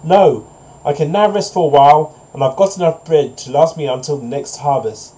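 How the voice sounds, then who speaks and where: A man doing a high little hen, earnest. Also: normal speed, warm tone, natural voice, poor audio. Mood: firm. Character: hardworking little female hen.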